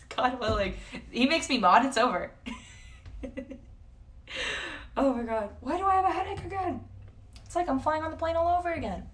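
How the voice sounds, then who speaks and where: A woman's voice: mid-range voice, fairly bright tone. A woman in her twenties chatting casually on a live stream, answering chat and swearing now and then. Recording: voice somewhat distant from the mic.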